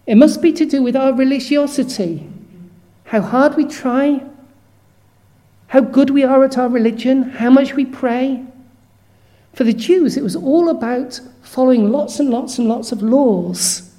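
A woman preaching a sermon in an earnest, measured way, stopping to read scripture verses aloud. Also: high voice, dark tone.

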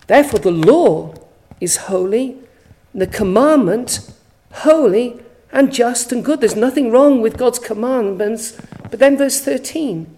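A woman's voice: fairly high pitch, mellow, slight background noise, low-quality recording. A woman preaching a sermon, reading scripture aloud with earnest emphasis and rhetorical questions.

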